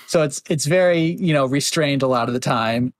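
A man's voice: mid-range voice, normal speed, dry recording. A man hosting a casual podcast chat, talking loosely with lots of fillers and slipping into mocking voices. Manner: chatty, filler-heavy, slips into mocking voices. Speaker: podcast host.

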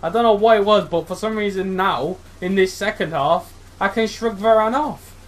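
A young man commentating live on his own football video game match. He is excitable, shouting encouragement and groaning at his players, with his voice jumping sharply higher when a chance comes. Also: moderate pace. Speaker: gaming YouTuber.

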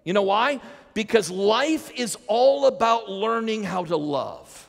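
Male pastor, gravelly voice, sermon with call-and-response, long church reverb. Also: high-pitched, expressive, slow pace. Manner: calls the congregation to repeat lines.

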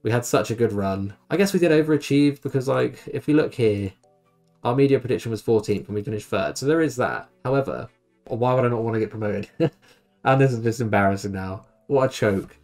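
A man's voice: medium pitch, expressive, a little fast, a little mellow, soft background music. A young man commentating over a football management game, exasperated and grumbling at his team. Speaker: gaming YouTuber. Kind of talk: let's play commentary.

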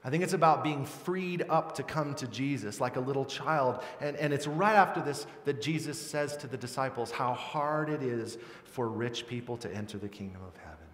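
A middle-aged man preaching a sermon as pastor, earnest and conversational, acting out lively quoted voices. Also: mid-range voice, normal speed, few pauses. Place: large church hall. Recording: roomy church hall with long reverb.

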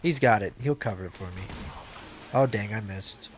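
A man giving casual, excitable gameplay commentary as a video host, swearing and joking to himself. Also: on the low side, normal speed, a little hiss or hum. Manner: excitable, yells and swears at the game; jokey self-talk.

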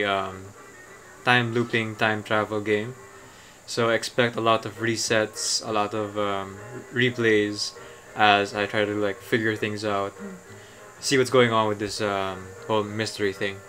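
A man's voice: lowish voice, a bit bright. A man streaming a game in casual commentary, thinking aloud with many ums and uhs.

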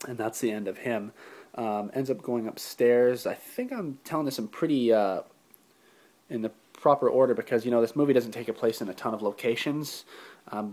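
A man's voice: on the low side, darkish tone. A man casually recapping a film's plot as a reviewer, rambling with lots of fillers, restarts and the odd swear word. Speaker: movie reviewer.

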